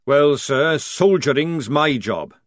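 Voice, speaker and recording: A man's voice: a little high, lively intonation, slow, no echo, clean studio sound, voice pushed up. A man doing a wily old army sergeant. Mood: gruff. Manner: gruff, conspiratorial, says sir a lot. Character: wily, knowing older male army sergeant.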